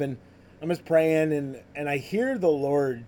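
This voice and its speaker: A man's voice: on the high side, a little slow, warm tone. A man hosting a podcast, telling his personal faith story in a casual, conversational way with many fillers. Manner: conversational, full of "like" and "you know" fillers. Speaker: podcast host sharing his ministry story.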